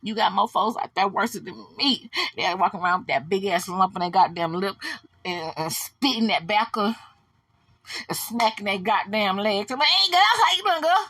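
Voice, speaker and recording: A woman hosting a celebrity gossip show, blunt, animated and profane. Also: mid-range voice, moderate pace, husky, no room sound. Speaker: host.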